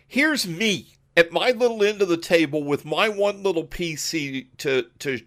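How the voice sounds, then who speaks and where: A man hosting an online podcast, telling stories in a casual, animated way with frequent laughs and quick asides over a voice call. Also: a little high. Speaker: podcast host. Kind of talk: casual storytelling chat.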